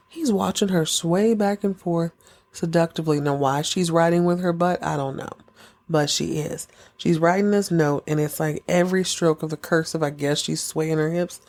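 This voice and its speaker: A woman's voice: on the low side, darkish tone. A woman hosting a casual recap podcast who talks in a chatty, sarcastic way and acts out quotes, and who is sick at the moment. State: sick, taking cough medicine. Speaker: podcast host recapping a TV episode.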